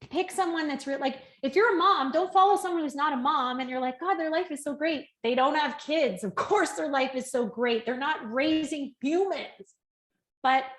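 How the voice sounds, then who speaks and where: A woman in her thirties giving a chatty, animated fitness coaching talk and acting out little quoted voices. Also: high voice. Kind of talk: casual coaching talk to camera. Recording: echoey room.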